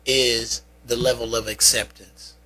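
A woman's voice: very deep voice, little pitch movement, a little slow, sharp tone, rough recording. A woman co-hosting a podcast, blunt and teasing, telling crude stories in casual banter. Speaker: podcast co-host.

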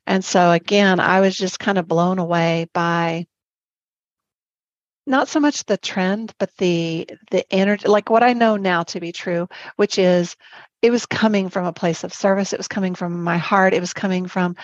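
Podcast guest, female, animated storyteller with frequent laughter; muffled, dry recording. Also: on the low side, no echo. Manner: animated, laughs often, rushes through lists. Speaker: guest, spiritual life coach and Zumba instructor. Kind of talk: personal storytelling in a podcast interview.

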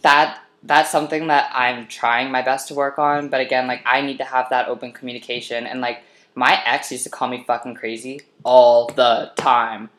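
A woman with a low voice tells a personal story in a casual chat. She is animated and swears a lot. The room has a noticeable echo. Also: moderate pace. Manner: animated, swearing, breaks into laughter. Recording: echoey room.

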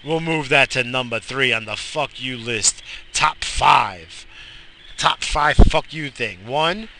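A man ranting profanely while driving his car, shouting in bursts at cyclists and other drivers. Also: mid-range voice, slow pace, vocal fry, slight background noise. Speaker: vlogger.

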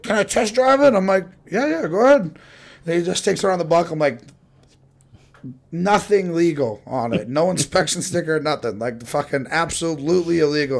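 A man's voice: medium pitch, creaky. A young man telling rowdy stories casually, swearing a lot and acting out the voices of people in them. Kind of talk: casual storytelling.

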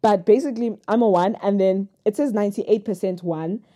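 Young female vlogger, warm low-key tone, candid and rambling, jumps tangents, pokes fun at herself. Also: a little fast. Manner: rambling, jumps between thoughts; frank and personal, self-mocking humor. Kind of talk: candid confessional vlog talk.

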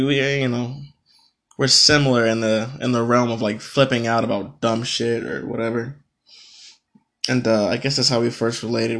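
A man's voice: mid-range voice, fairly bright tone. A man hosting a solo podcast, ranting in a casual, profane, exasperated way. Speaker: podcast host.

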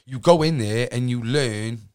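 A man's voice: mid-range voice, a little slow, darkish tone, smooth. South Welsh man telling stories. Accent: South Wales. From Cardiff, Wales. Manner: swearing freely, rambling with many restarts. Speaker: podcast guest. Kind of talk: casual storytelling chat.

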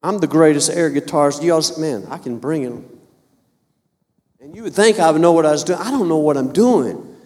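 Fervent high-voiced preacher in his fifties. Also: lively intonation, fast talker, a little mellow, in a large hall. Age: 50s. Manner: fervent, repetitive preaching with stammered restarts. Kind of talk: sermon.

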